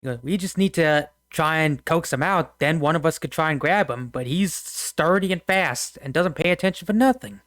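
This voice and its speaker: A man voicing a sly talking rabbit trickster with a high folksy drawl. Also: normal speed, few pauses, fairly bright tone, dry recording, clean studio sound, close to an everyday voice.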